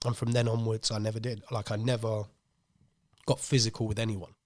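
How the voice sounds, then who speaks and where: Man telling a lively story. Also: lowish voice, a little fast. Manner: animated storyteller acting out quoted voices. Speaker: podcast co-host. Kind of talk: casual storytelling.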